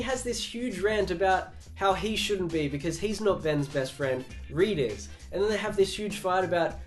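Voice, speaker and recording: Young guy doing a comic recap, kinda sarcastic, slightly high voice, quiet music in the back. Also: moderate pace, few pauses. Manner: chatty, sarcastic, quotes characters. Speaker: comic book reviewer.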